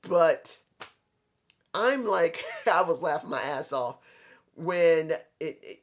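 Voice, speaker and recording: A man from New York with a New York accent, giving an opinionated, rambling wrestling recap in a casual, blunt way. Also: fairly high pitch. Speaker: wrestling commentator.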